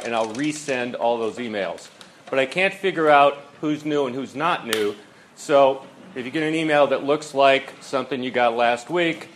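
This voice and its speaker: A man's voice: mid-range voice, slight background noise, rough recording. Casual male economics lecturer. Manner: informal, conversational, with frequent fillers and rhetorical questions. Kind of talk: classroom lecture.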